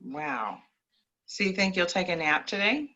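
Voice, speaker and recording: A woman reading scripture in a measured way, then chatting playfully with a child on a video call. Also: fairly low pitch, animated, bright, forceful tone, muffled recording.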